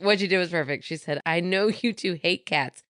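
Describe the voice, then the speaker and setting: A woman's voice: on the low side, normal speed, a bit bright, slight background noise. A woman co-hosting a podcast in casual chat, rambling and giggling as she reads out thanks and plugs. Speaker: podcast co-host.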